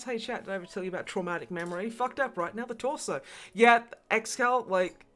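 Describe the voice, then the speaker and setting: A woman's voice: medium pitch, fairly quick, fairly bright tone. A woman hosting a casual livestream, rambling and swearing freely as she chats and laughs often. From Polish family. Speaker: livestream host.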